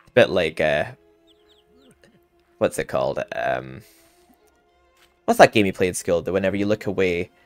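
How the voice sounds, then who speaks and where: A man commenting casually while playing through a video game, rambling and chatty. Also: low-pitched. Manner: rambling, chatty, often laughing. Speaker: gaming channel host. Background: game music.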